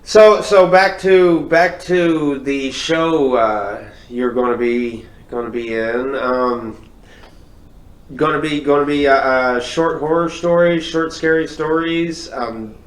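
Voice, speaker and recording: Rambling male podcast host. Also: fairly high pitch. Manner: rambling, halting restarts. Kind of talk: casual chat. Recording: echoey room with faint noise.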